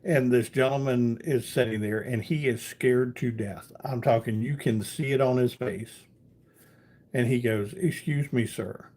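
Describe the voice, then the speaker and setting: A man's voice: medium pitch, fairly even intonation, a little slow, darkish tone. A man hosting a casual live stream, reading out viewer comments and telling a rambling story, with a lot of "you know" along the way.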